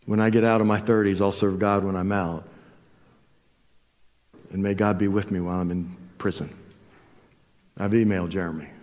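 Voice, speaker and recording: A man's voice: deep voice, moderate pace, long pauses. Older man preaching in a reverberant church. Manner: animated, acts out dialogue with rising intensity. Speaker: guest preacher. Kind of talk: sermon with storytelling. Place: church sanctuary. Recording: long hall reverb from a church.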